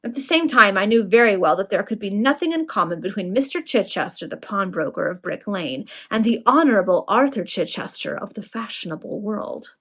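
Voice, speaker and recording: A woman reading the part of an ironic young gentleman who talks in a smooth, quietly mocking way. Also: mid-range voice, lively intonation, a little fast, few pauses. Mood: polite irony.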